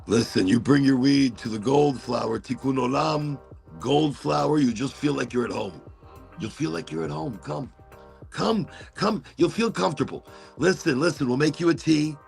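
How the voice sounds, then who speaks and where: A man's voice: medium pitch, moderate pace, creaky, a little mellow, soft background music. A man voicing a fussy, welcoming Eastern European host with a put-on Yiddish-flavored accent and a coaxing manner. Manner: coaxing, repetitive, kvetching.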